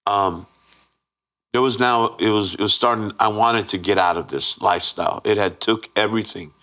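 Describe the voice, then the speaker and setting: A man with a somewhat low voice tells his own story as a guest, candid and plain-spoken. He keeps checking in with his listener and slips into the voices of the people he quotes. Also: normal speed, sharp tone. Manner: earnest storyteller who acts out the quoted voices; plain-spoken with frequent restarts and 'right?'. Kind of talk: candid personal testimony.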